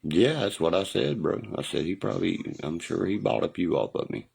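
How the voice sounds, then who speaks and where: A middle-aged man rambles through a casual livestream chat on his phone, swearing freely and checking in with "you know what I mean" after nearly every thought. His voice sits extremely low, rough with heavy fry and a husky edge. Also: animated, fairly quick, darkish tone, rough recording. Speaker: livestream host. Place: home livestream.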